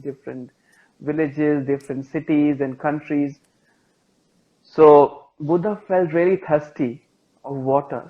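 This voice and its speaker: An Indian-accented man teaches meditation through a patient, repetitive story, his voice a touch higher than most men's. The sound is dull and lo-fi, like a live online call. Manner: gentle, repetitive, patient phrasing.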